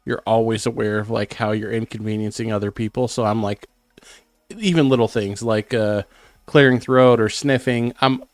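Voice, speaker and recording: A middle-aged man, a bit sick, co-hosting a casual podcast and talking about himself in self-conscious, animated bursts. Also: on the low side, moderate pace, no room sound. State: sick, clearing throat. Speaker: podcast co-host. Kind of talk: casual chat.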